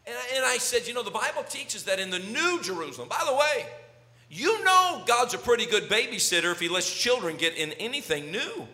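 A middle-aged man preaching a sermon, telling a story and swinging from loud calls to hushed words. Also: very high-pitched, fairly quick. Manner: animated, swings from shouting to near whisper. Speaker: pastor. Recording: long hall reverb.

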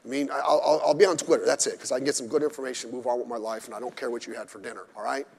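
A man's voice: medium pitch, fairly even intonation, very fast, gravelly, darkish tone. A male pastor preaching a sermon at a midweek service, blunt and emphatic with mocking asides. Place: church during a midweek service. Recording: echoey church hall.

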